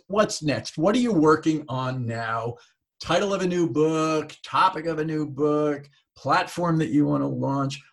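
Chatty male podcast host, husky voice. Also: mid-range voice. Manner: quick, chatty storytelling, sound effects in his anecdotes. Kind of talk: casual interview chat.

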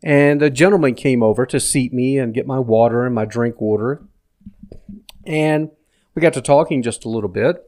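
A man's voice: medium pitch, moderate pace, darkish tone. Reflective man telling a personal story. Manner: reflective, conversational, recounts dialogue plainly. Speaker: vlogger sharing personal stories. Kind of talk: casual storytelling monologue.

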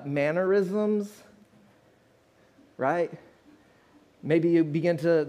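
A man's voice: fairly high pitch, darkish tone. A man preaching a sermon to his congregation in a conversational way, with restarts and asides to the crowd. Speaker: pastor.

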